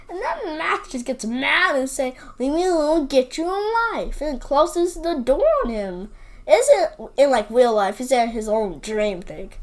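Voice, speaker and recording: A woman giving a casual, rambling movie review, opinionated and full of "like" and repeated phrases. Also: sits high.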